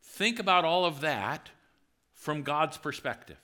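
A male pastor delivering a sermon to his congregation. He talks in a relaxed, lively way and slips into voices for quoted lines. His tone is bright and crisp. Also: on the high side, a little slow. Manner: conversational, animated, acts out quotes.

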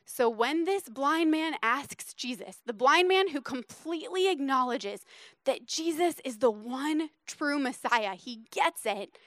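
Female preacher, high voice, dry close sound, lively and conversational with hushed emphasis. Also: dry recording. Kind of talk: sermon.

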